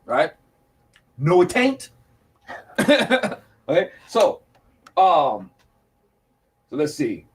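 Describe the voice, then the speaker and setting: Guy with a high voice running a bible study, jokey, acts out the scenes. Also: sing-song, extremely slow, pauses often. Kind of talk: casual Bible teaching.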